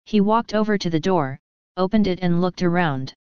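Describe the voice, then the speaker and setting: A woman's voice: fairly low pitch, moderate pace, darkish tone, clear, resonant tone, dry recording, lo-fi sound. A woman reading a storybook aloud in scripted narration, lightly voicing the characters. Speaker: audiobook narrator.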